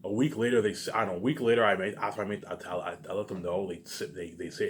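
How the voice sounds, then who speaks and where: Fast-talking, rambling man with a low voice. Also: steady tone. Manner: rambling and repetitive, with frequent swearing. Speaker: vlogger. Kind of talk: casual rambling monologue to camera.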